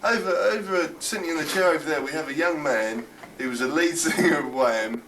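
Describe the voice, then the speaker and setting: A man's voice: a little high, a little fast, noisy background. A teenage boy playing a mock-formal chat show host in an improvised spoof, often breaking into laughter. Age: teens. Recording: home video from far off.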